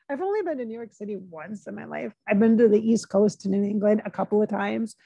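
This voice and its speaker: A woman psychic medium talking in a soft, confiding way in a chatty spiritual vlog. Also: medium pitch, fairly quick, vocal fry, breathy edge, no echo, muffled recording. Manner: soft and confiding, breaking into laughs.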